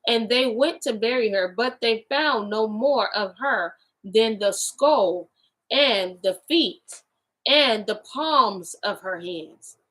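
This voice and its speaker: A woman hosting a casual Bible study, reading scripture aloud slowly with restarts and slangy asides. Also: on the high side, expressive, fairly bright tone, low-quality recording.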